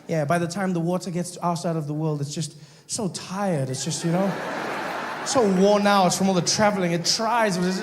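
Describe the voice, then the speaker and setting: A man's voice: sits high, normal speed, a little hiss or hum. A man from South Africa with a South African accent, performing stand-up comedy and acting out the people in his story. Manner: storytelling with acted-out voices and asides.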